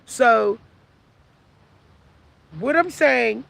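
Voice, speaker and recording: A woman's voice: on the high side, expressive, drawn-out words, creaky, a bit bright, slight background noise. A woman in her forties giving casual advice to her viewers, preachy and repeating herself for emphasis. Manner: preachy, repetitive, talks straight to the audience. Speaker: vlogger.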